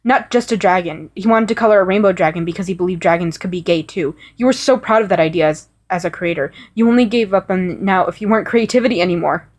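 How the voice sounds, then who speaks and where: A woman's voice: on the low side, fast talker, hardly any pauses, darkish tone, close to an everyday voice. A woman reading as a panicky, pleading young man. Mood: urgent. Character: anxious, frightened young man pleading with a friend.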